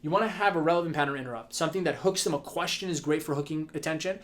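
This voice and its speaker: A young man with a slightly raised voice explains his point in a loose, energetic way. He leans on lots of examples and often stops to restart a sentence. It sounds like an unscripted lesson on video. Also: a little high, very fast. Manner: energetic, example-heavy, many fillers and restarts. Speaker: business coach. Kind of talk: casual instructional talk to camera.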